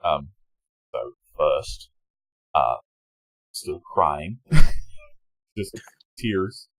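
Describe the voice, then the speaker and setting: A man playing in a tabletop game, talking animatedly and joking with loud outbursts. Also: very deep voice, animated, very slow, no room sound, rough recording. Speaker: player. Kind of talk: tabletop game play over a call.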